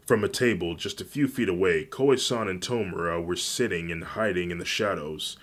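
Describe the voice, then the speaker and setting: A man casually reading aloud a fan-made anime story, unhurried and plain with occasional restarts. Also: low-pitched. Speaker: narrator.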